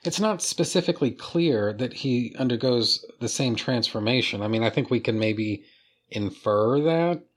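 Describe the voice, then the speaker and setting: A man gives a casual, excited comic book review, cursing freely and talking straight to his viewers. His voice sits at a middle pitch, relaxed and conversational. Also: moderate pace. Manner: enthusiastic, casual, swears freely. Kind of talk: casual video commentary.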